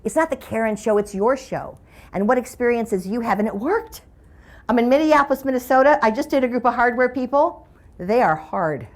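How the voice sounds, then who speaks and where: This middle-aged woman's keynote is humorous and full of playful, conversational storytelling. A motivational speaker, she talks briskly and animatedly in a fairly high-pitched voice.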